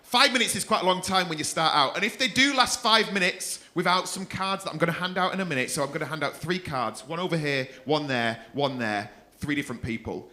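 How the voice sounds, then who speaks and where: A man's voice: on the high side, brisk, few pauses, sharp tone. A man hosting a comedy club night, swearing freely and teasing audience members. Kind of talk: stand-up crowd work.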